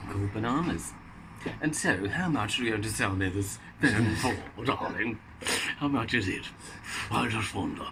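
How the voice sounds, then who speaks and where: A man's voice: on the low side, expressive, moderate pace, noisy background. A man hosting a casual on-camera chat, with playful, joking banter. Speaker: host.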